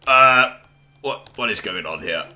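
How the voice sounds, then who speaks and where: A man's voice: on the low side, animated, a little slow, sharp tone, slight background noise. A man playing the officer of an artillery crew over voice chat, with mock-formal orders and flustered stammering. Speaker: gamer commanding an artillery crew.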